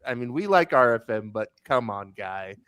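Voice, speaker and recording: A man's voice: mid-range voice, animated, moderate pace, a bit bright, clean tone, no echo. A man co-hosting a casual podcast, telling rambling stories and laughing as he talks. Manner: rambling storyteller, laughing as he goes. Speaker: podcast co-host. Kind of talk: casual chat.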